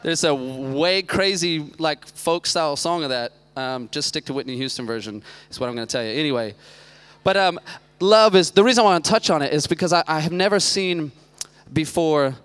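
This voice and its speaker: A man's voice: fairly high pitch, expressive, normal speed, a bit bright, clear, resonant tone. Joking man in his thirties preaching. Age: 30s. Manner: joking, chatty asides. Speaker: youth pastor. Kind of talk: casual sermon.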